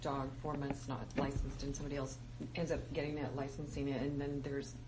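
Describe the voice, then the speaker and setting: Low-voiced woman at a meeting, halting. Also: flat delivery. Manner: halting, repeats words, coughs. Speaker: board member. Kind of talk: public meeting discussion. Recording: distant mic with noise.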